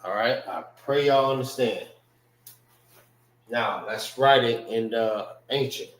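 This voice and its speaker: A man teaching a religious language class, speaking slowly and repeating words as he spells them out. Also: medium pitch, fairly bright tone, roomy sound.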